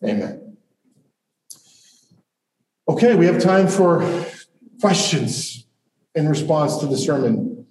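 A male pastor preaching earnestly and reflectively with long pauses, then opening questions to the congregation. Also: a little high, lively intonation, darkish tone. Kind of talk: sermon and congregation Q&A. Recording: roomy hall audio from a distant mic.

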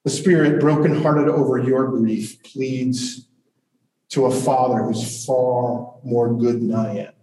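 A male pastor preaching earnestly and reflectively with long pauses, then opening questions to the congregation. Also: mid-range voice, steady tone, dark tone, a little hiss or hum. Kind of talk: sermon and congregation Q&A. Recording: roomy hall audio from a distant mic.

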